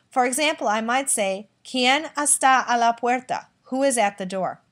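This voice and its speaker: A woman teaching a recorded lesson, explaining clearly and patiently and acting out example sentences. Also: a little high, a bit bright. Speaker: Spanish teacher.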